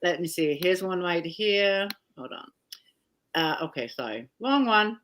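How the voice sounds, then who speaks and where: A woman's voice: fairly low pitch, lively intonation, a little slow, a bit bright, slight background noise. Chatty woman hosting a live chat. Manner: chatty, enthusiastic. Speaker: host.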